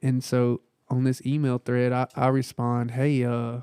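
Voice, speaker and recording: A man with a smooth, clear, mid-pitched voice, recorded close and dry with no room sound. He co-hosts a casual podcast, easygoing and quick to laugh, and tells joking stories about himself. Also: monotone, dark tone, no echo. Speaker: podcast co-host. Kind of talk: casual chat.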